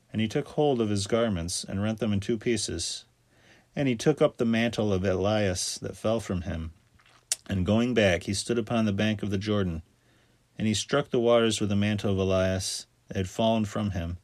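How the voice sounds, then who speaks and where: A man reading scripture aloud in a steady, measured recitation. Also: on the low side, no echo. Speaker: scripture reader.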